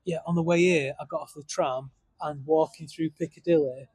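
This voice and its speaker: A sweary man trading jokes as a podcast co-host, his voice a little high and husky. The sound is dry and close, with little room around it. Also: fairly even intonation, normal speed, darkish tone, no room sound. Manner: sweary, joking, laughs a lot. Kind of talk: casual banter.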